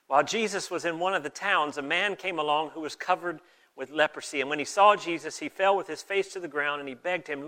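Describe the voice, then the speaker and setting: A man's voice: a little high, brisk, sharp tone. A male pastor giving a conversational sermon and reading scripture aloud. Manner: conversational, folksy, with restarts.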